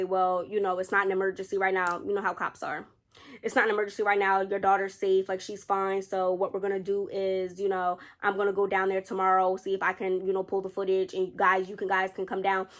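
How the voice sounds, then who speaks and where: Young woman spilling a storytime vid, bright voice, animated, keeps saying y'all. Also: medium pitch, fairly quick. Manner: animated, addresses viewers as y'all, quotes others. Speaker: storytime vlogger. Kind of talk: casual storytelling to camera. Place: indoors under a studio light.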